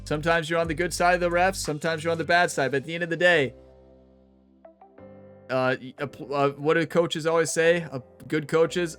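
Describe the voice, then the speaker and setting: Rambly gaming youtuber guy, kinda high voice, laughs a lot, goes hyped then quiet, faint music behind him. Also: brisk. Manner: rambling and chatty, laughs often, jumps between excited and subdued. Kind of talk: casual chat wrapping up a video series.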